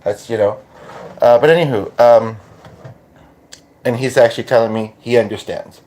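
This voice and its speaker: A Canadian man talks through a casual channeling session on his podcast. His speech stops and restarts often, padded with fillers. His pitch is an ordinary middle for a man. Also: moderate pace, warm tone. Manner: hesitant, full of restarts and fillers. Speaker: podcaster and medium.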